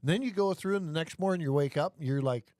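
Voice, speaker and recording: A man's voice: on the high side, fast talker, a little mellow, no echo, studio quality. A man hosting a casual livestream chat, rambling and joking as he talks over the others. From Michigan. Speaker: livestream host.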